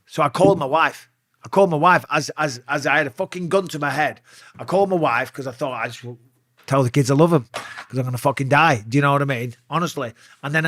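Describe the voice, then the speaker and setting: Swearing, lively storytelling man. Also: fairly high pitch, no echo, studio quality. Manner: profane, animated, acts out voices in his stories. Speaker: interview guest. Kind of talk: casual storytelling.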